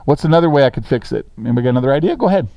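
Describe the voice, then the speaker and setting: A man's voice: mid-range voice, animated, racing, gravelly, mellow, no room sound. A man teaching a sixth grade grammar lesson in a classroom, talking casually and checking in with the students often.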